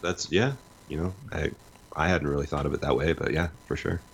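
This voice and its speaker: Man, very deep voice, laid-back, joking co-host, faint hiss. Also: steady tone, a little fast, poor audio. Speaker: podcast co-host. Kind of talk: casual chat.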